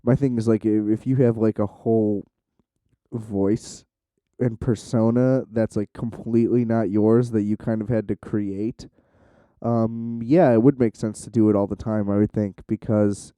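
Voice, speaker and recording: A man's voice: on the low side, fairly even intonation, measured pace, mellow, clear, resonant tone, no room sound. A young man rambling casually to the camera in a loose, profane way, with lots of "like" and restarts. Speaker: vlogger.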